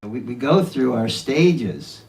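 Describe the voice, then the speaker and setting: A man's voice: medium pitch, lively intonation, slow pace, vocal fry, distant mic, rough recording. Older man giving a devotional talk. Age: 70s. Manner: earnest, with warm laughter and quoted asides. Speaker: speaker at a devotional home program.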